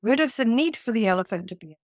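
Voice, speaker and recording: A woman, a leadership coach telling a lively workplace anecdote as a podcast guest. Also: a little high, quick pace, dry recording, clean studio sound. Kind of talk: conversational storytelling.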